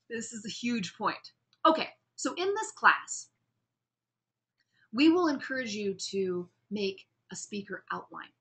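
A woman's voice: a little high, bright, forceful tone. A woman instructor giving a recorded lecture on public speaking, upbeat and chatty with frequent restarts.

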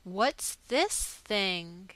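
Lady doing a wounded ww1 soldier guy, blunt and rough, slow, crisp voice. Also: medium pitch, animated, sharp tone, no room sound. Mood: dazed. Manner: blunt, dazed, then rough. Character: wounded young male WWI soldier, gruff.

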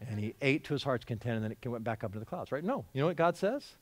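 Animated man preaching a sermon. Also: medium pitch, fairly quick, long pauses. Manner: animated, acts out quoted voices, swings from loud to hushed. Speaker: pastor. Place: church sanctuary.

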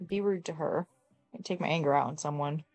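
A woman's voice: low-pitched, brisk, a little mellow, faint music behind. A woman giving casual gameplay commentary, exasperated, swearing often and talking at her characters. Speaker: gamer.

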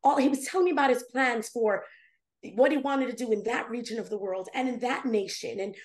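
High-voiced woman telling an animated story. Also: a little fast, reverberant. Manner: animated, acts out her own past dialogue with big pitch jumps. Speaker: guest, prophetic intercessor. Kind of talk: emotional storytelling in a podcast interview.

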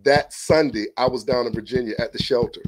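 A man's voice: mid-range voice, a little fast. Man, podcast guest, earnest, casual testimony, repeats words. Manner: earnest, repeats words when starting a thought.

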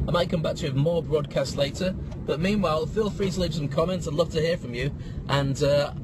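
A fairly high-voiced man with a northern English accent chats away loosely, rambling and poking fun at himself. He talks into his phone from inside a car, with loud traffic and road noise running under every word. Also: fairly quick. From north of England. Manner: chatty, rambling, self-deprecating. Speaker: podcast host. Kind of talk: casual live podcast while driving.

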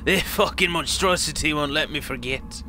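A crude, bitter old man in a wheelchair rants and swears in a raised, bright, gravelly voice, as a man puts him on. He rambles on for a video game, with a faint hiss behind him. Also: sits high, unhurried, exaggerated voice. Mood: scornful.

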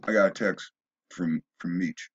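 Man, rambling opinion monologue, husky voice, stumbling restarts, dull lo-fi sound. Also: low-pitched, unhurried. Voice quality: stumbling restarts, emphatic rising bursts. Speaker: video blogger.

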